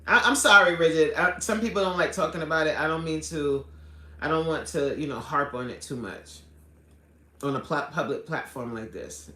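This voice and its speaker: A male fitness coach hosts a casual live stream and reads viewer comments aloud in a bright, slightly high voice. He speaks earnestly, restarts his sentences and apologizes often. The room around him is noticeably echoey. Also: normal speed. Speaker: fitness coach and livestream host. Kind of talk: casual livestream chat reading viewer comments.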